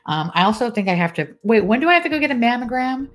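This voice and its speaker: A woman's voice: on the high side, big pitch swings, fast. A woman, chatting casually and profanely on a live stream, often laughing as she talks.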